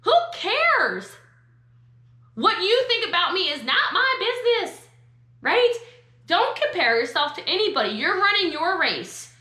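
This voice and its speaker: A woman's voice: extremely high pitch, bright, forceful tone, roomy sound. A woman giving a sassy, emphatic motivational training talk to network marketers. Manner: sassy, emphatic, quick asides.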